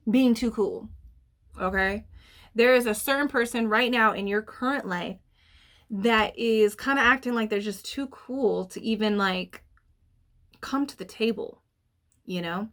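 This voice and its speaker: A young woman giving a casual tarot reading, talking in a chatty, animated way with lots of fillers and the odd swear, laughing at her own asides. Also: a little high. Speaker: tarot reader.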